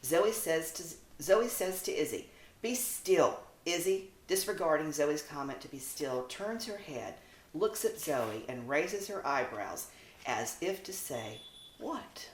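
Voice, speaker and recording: A woman reads her children's picture book aloud with a lot of expression. Her voice sits fairly low but swings up and down lively, and the room adds a noticeable echo. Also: measured pace, a little hiss or hum. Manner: expressive, animated. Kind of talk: reading a children's story aloud. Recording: roomy echo.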